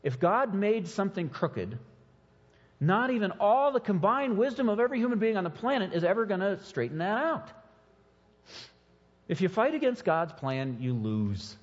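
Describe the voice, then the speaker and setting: A male pastor delivers a sermon with a lively, swooping delivery and a slightly husky, higher-than-usual voice. He acts out mocking quotes now and then. The recording is dull and lo-fi, with a long reverb from the church around him. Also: normal speed. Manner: animated preaching with mocking put-on quotes.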